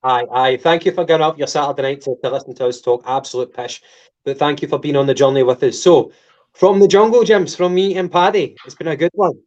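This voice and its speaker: A man's voice: on the high side, fast talker, a little mellow, dull audio. A Scottish man hosting a casual fan podcast, dry and teasing as he steers the talk. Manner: dry, teasing, wraps things up. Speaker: podcast host.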